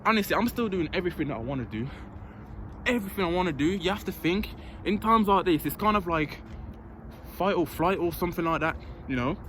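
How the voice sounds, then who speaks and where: A man's voice: high-pitched, lively intonation, fairly quick, a bit bright. A young man vlogging casually from an outdoor park court, chatty and blunt and swearing freely as he talks to his camera. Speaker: fitness vlogger. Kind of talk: casual vlog chat. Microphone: handheld or propped-up camera. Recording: outdoor traffic noise behind. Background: city ambience with passing vehicles.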